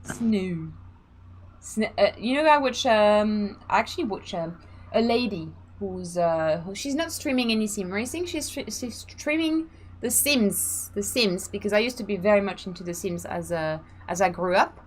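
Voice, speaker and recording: A woman's voice: mid-range voice, expressive, normal speed, slight background noise. A woman hosting a casual live stream, chatting freely, laughing and reading out the chat. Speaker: streamer and sim racing host.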